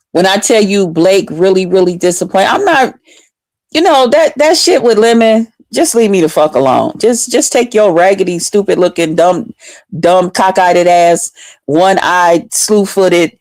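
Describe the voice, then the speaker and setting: A woman's voice: on the low side, darkish tone, dry recording. A woman, telling her viewers a story in a casual, emotional way, swearing freely. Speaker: vlogger.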